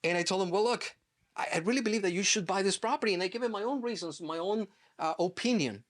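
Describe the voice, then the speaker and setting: A man's voice: high-pitched, quick pace. A middle-aged man, a real estate agent, telling a personal story in an interview and acting out the dialogue. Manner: lively storyteller who acts out quoted dialogue.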